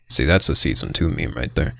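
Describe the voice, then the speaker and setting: A podcast co-host with a very deep voice and vocal fry tells rambling stories amid casual banter. He speaks at normal speed and comes across as an animated storyteller.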